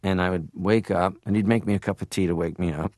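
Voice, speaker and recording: A man from Canada, an interview guest, telling animated stories and slipping into impressions. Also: low voice, fast. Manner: animated storyteller who drops into impressions. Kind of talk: interview talk.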